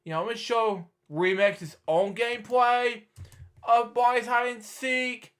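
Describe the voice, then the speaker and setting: Young guy rambling slow, mutters to himself then blurts out loud. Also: extremely high pitch, steady tone. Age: 20s. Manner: mutters to himself while searching, sudden loud outbursts. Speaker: reaction video host. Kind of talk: rambling casual commentary.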